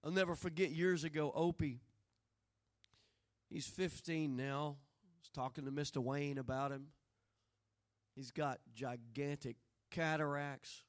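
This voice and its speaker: A man delivers a sermon. He tells homely stories in a low, easy tone, then climbs into loud, ringing proclamation. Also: fairly even intonation, measured pace, pauses often. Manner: swells from quiet storytelling to loud, rising preaching. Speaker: pastor.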